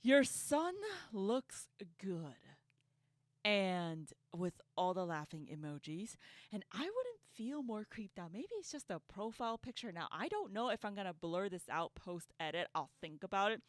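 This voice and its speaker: A woman talks through a casual reaction commentary with sarcasm and frequent laughter. Her pitch swings widely as she rants, often tripping over repeated words. The sound is dry and close, with no room echo. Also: big pitch swings, moderate pace, sharp tone. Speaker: online commentator.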